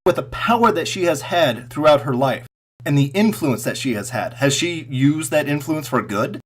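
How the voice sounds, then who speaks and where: Guy ranting on his channel, swears a lot, sarcastic, voice sits a bit high, gets loud then drops low. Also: expressive, moderate pace. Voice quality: sarcastic, mocking, swings loud and soft. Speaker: political commentary vlogger. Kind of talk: angry profane rant.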